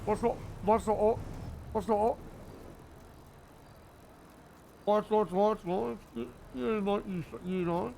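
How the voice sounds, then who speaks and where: A foul-mouthed, menacing street tough, as a man puts him on, spits out one challenge after another. He sits a little above the man's usual pitch. Faint noise hangs behind him. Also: fairly even intonation, a little slow, gravelly, warm tone. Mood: aggressive. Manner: swearing, confrontational and menacing. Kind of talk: live-streamed accent practice.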